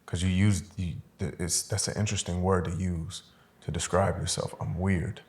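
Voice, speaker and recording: Low gravelly guy hosting a podcast, calm, asks probing questions. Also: normal speed. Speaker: podcast host. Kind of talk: casual interview chat.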